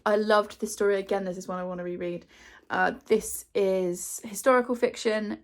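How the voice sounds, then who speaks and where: A woman's voice: mid-range voice, fairly even intonation, moderate pace. Young woman, chatty, self-deprecating, casual to-camera chat, lots of ums. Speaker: booktuber.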